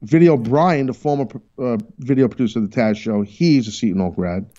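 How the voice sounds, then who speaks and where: A man hosting a sports talk show, brash and animated, teasing his crew as he talks. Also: medium pitch, fairly quick, highs cut off. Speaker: radio show host.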